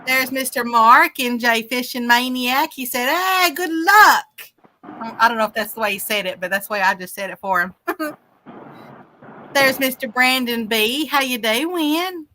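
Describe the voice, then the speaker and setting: A cheerful woman reads out viewer comments on a live fishing stream, greeting each viewer by name. Her voice sits high and comes across bright and crisp. A faint hiss of outdoor noise runs underneath. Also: normal speed. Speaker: co-host reading live chat. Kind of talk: casual livestream chat. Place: outdoors on a boat on a bay.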